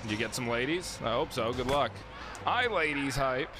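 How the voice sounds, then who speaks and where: A man streaming a video game, swearing and yelling at what happens on screen. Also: medium pitch, moderate pace. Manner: profane, excitable, yells at the game. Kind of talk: live game streaming commentary. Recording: noisy with game sounds behind. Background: game sounds and vehicles.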